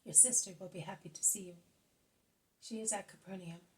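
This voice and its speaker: A woman reading the lines of a calm, gentle male spiritual teacher in an audiobook, speaking softly and reassuringly. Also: lowish voice, moderate pace, far from the mic, slight background noise, close to an everyday voice, rough recording. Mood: kind.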